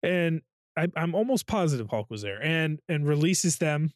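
A man's voice: fairly high pitch, expressive, normal speed, no room sound, studio quality. A man co-hosting a podcast, chatting casually and telling stories with swearing and sound effects. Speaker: podcast co-host. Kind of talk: casual chat.

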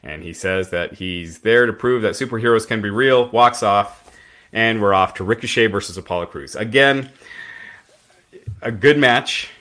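A man's voice: lowish voice, normal speed, pushed and bright. A man hosting a casual podcast, recapping events in a rambling way with fillers and restarts. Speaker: podcast host recapping wrestling.

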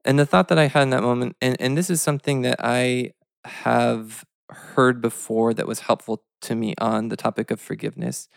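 Male co-host, earnest and halting; gravelly smooth voice, dry studio sound. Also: medium pitch, fairly even intonation, no room sound. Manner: earnest and halting, many restarts. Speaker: podcast co-host. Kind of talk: reflective interview talk.

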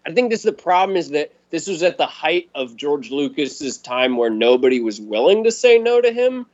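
Animated, laughing man ranting about a movie. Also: fairly high pitch, moderate pace. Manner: animated, laughing, profane storytelling. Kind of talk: casual movie-talk podcast chat. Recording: dull lo-fi recording.

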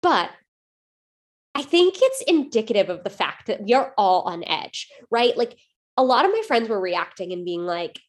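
A woman's voice: on the high side, normal speed. A woman co-hosting a podcast, telling a story in casual chat with lots of fillers and restarts. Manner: animated storytelling, many fillers. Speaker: podcast co-host.

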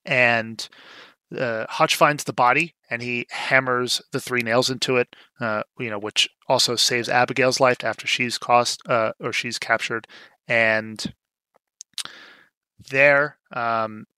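A man's voice: medium pitch, fairly even intonation, slow pace, pushed and bright, smooth, dry recording. A young man co-hosting a podcast, recapping a movie in casual chat with wry, sarcastic asides and plenty of fillers. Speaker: podcast co-host.

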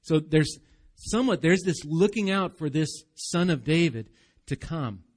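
A man preaching a live church sermon, animated, acting out voices in the story and dropping soft for emphasis. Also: on the high side, a little slow. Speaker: pastor.

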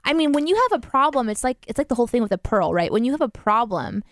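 A woman's voice: fairly high pitch, lively intonation, fast, dry recording, studio quality. A woman co-hosting a live show in casual chat, talking in an enthusiastic, chatty way with plenty of fillers. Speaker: co-host.

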